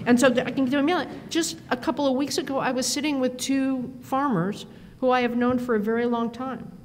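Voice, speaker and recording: A middle-aged woman giving a conference keynote, telling stories in an animated, self-deprecating way with quick asides. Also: high-pitched, noisy background. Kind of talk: storytelling speech. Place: performance hall. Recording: long hall reverb, faint ambience.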